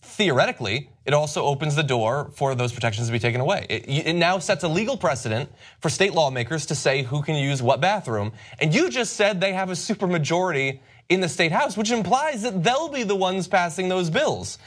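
A man co-hosting a political discussion, speaking in a measured, analytical way. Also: a little high, expressive. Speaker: co-host.

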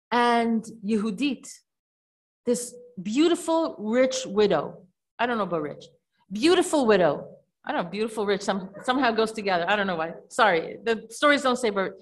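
Chatty woman storyteller, slightly high voice. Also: expressive, moderate pace. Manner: digressive, self-correcting with chatty asides. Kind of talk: casual storytelling retelling a religious tale.

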